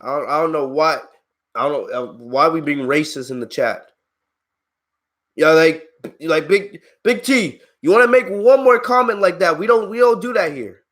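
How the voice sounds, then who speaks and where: A man's voice: on the high side, animated, normal speed, fairly bright tone. A man hosting a live-stream wrestling review, ranting in an exasperated, heated way at viewers in his chat, swearing freely and laughing at them. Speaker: wrestling channel host.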